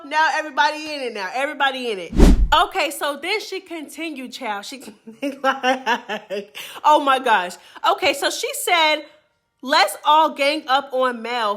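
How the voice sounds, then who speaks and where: A woman's voice: high-pitched, pushed and bright. A woman hosting a reality TV recap, talking in a sassy, chatty way full of slang and frequent laughter. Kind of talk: casual gossip commentary.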